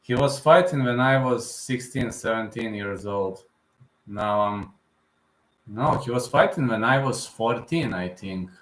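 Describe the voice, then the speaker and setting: A man's voice: mid-range voice, unhurried, fairly bright tone, echoey room, poor audio. A man in his thirties hosting a live fight reaction stream, talking in an emotional, repetitive fan manner. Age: 30s.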